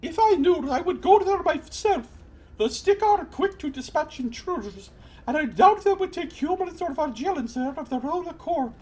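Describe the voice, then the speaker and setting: A man voicing a haughty, formal female fish-person agent while reading game dialogue aloud, in a stiff, drawn-out manner. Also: very high voice, lively intonation, darkish tone, voice pushed up. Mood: aloof.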